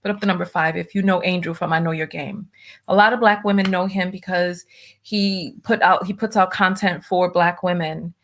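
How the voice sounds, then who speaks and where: A woman's voice: lowish voice, fairly even intonation, moderate pace, fairly bright tone. A woman hosting her own livestream show, talking casually and venting her frustration, with many restarts.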